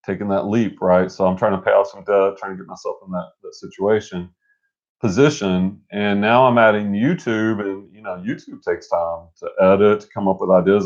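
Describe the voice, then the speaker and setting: A middle-aged man co-hosting a casual live stream, energetic and motivational, rambling with restarts. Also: lowish voice. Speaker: co-host. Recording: dull lo-fi stream audio.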